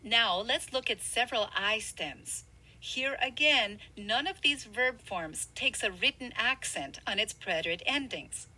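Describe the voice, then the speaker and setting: Bright, lively woman teaching grammar. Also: on the high side, measured pace, poor audio. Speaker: language instructor. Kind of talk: scripted lesson narration.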